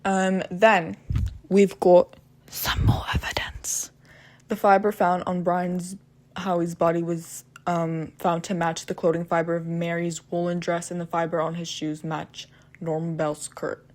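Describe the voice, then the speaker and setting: A woman with a slightly low voice narrates a true crime case in a loose, casual way. She stumbles over words and restarts often. She cuts in with swearing, blunt asides of her own. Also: completely flat delivery, a little slow, a little mellow. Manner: blunt, profane asides between retelling facts; hesitant, with frequent restarts and "um".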